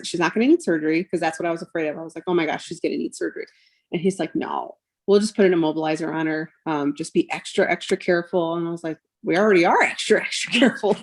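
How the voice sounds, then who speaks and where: A mother in her thirties, guesting on a podcast, speaks on the low side with a slightly mellow quality. She emotionally relives a painful personal experience, quoting others along the way and leaning heavily on fillers such as "um" and "like."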